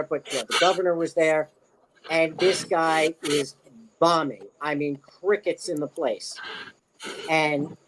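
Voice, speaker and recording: A man's voice: fairly high pitch, slight background noise, rough recording. A middle-aged man from Maryland, a podcast guest telling stories in a rambling, casual way. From Maryland, USA. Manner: rambling, with many fillers and restarts. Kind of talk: casual storytelling chat.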